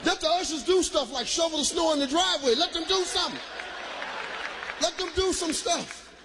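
Male stand-up comic from Michigan, very high voice, shouts the punchlines, noisy live room. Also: fairly quick, crowd noise. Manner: loud, shouting punchlines, laughing through bits. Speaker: stand-up comedian. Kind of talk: stand-up comedy.

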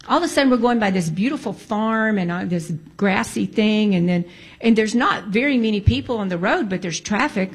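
A woman's voice: medium pitch, animated, brisk, breathy edge. A woman telling a personal story in a casual way, emphatic and repeating phrases for emphasis.

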